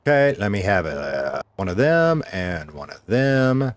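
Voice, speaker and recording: A low-pitched man sounds very animated, keeping a measured pace on a dry recording. He rambles casually during a gaming livestream, switching between talking to himself and welcoming viewers.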